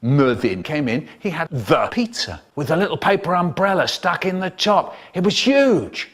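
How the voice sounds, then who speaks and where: Lively, animated male storyteller. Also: on the high side, normal speed. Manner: expressive storyteller, swings between whispers and exclamations. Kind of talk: animated storytelling, spliced into a comedy edit.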